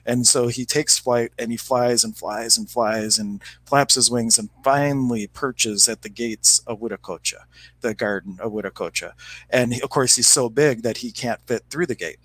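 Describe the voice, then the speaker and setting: A man co-hosting a spiritual podcast, chatting casually and retelling a fable in a relaxed, animated way. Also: mid-range voice, normal speed, low-quality recording. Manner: relaxed, animated storyteller with fillers. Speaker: podcast co-host. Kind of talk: casual spiritual chat and storytelling.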